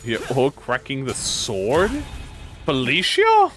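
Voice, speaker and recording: A man giving casual gameplay commentary, excitable and joking, swearing freely. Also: mid-range voice, unhurried, soft background music. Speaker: gaming YouTuber.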